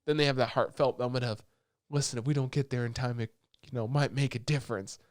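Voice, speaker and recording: A man co-hosting a podcast, excitedly retelling scenes in casual chat and swearing often. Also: mid-range voice, fast talker, no echo, clean studio sound. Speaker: podcast co-host.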